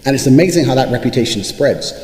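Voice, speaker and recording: A man's voice: mid-range voice, expressive, fast, a little mellow. A man delivering an unscripted monologue to camera, boastful and profane, with a swaggering manner. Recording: echoey room with long reverb.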